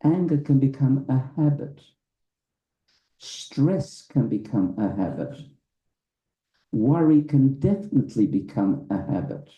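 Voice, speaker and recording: A man, a rabbi, giving a public lecture with slow, deliberate, emphatic phrasing. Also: mid-range voice, very animated, far from the mic. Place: event hall with a live audience. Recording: roomy, slightly muffled hall sound.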